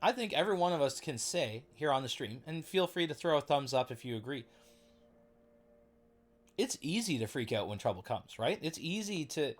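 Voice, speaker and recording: A man hosting a casual livestream Bible study, chatty and excitable, breaking off to react to viewers. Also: on the high side, moderate pace.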